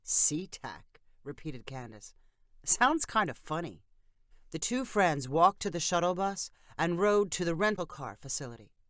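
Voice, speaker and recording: Brief: female storyteller, lowish voice with lively pitch, dry close recording. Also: measured pace, no room sound. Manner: reads all characters in a lightly varied voice. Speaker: narrator. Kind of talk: scripted story narration.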